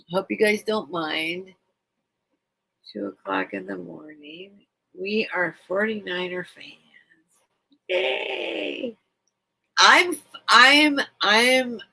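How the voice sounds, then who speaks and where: Slow, animated, gravelly-voiced woman. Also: fairly low pitch, poor audio. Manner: rambling and chatty, reading chat aloud. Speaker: host of a live vintage sale stream. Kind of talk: casual late-night livestream chat.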